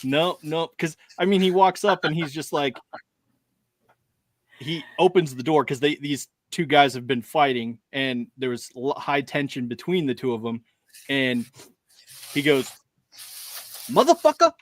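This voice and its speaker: A man's voice: mid-range voice, fairly even intonation, unhurried, no room sound. A man co-hosting a podcast in casual chat, rambling along, laughing often and acting out lines he quotes. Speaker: podcast co-host.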